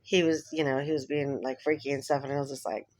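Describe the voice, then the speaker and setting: A woman vlogger rambling casually, full of fillers and quick laughs. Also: very deep voice, steady tone, a little mellow, no echo. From Philippines heritage. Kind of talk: casual chat.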